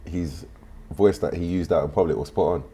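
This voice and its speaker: A man's voice: low voice, a little fast, dark tone, breathy edge. A man, co-hosting a podcast in a laid-back, slangy way. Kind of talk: casual podcast chat.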